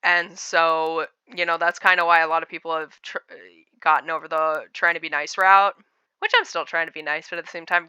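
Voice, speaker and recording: A woman's voice: sits low, little pitch movement, fairly quick, bright, forceful tone, clean tone, no room sound, muffled recording. A woman giving casual, blunt commentary with a sarcastic edge and lots of filler words. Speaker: commentary YouTuber.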